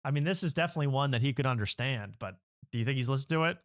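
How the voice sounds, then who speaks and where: A man's voice: mid-range voice, lively intonation, racing. A man hosting a comedy talk show, chatting casually, mocking and laughing often. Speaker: host.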